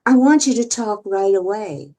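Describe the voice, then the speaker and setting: A woman voicing a famous male comedian, calm and gently encouraging, in a low, soft, hushed delivery. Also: normal speed, natural voice. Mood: coaxing.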